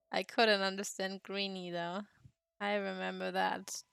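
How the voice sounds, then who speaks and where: A woman's voice: medium pitch, flat delivery, takes it slowly, creaky, fairly bright tone, smooth, faint music behind. Young woman, giggly casual streamer. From Germany. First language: German. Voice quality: laughs often, swears freely, rambling. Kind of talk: casual chat while drawing.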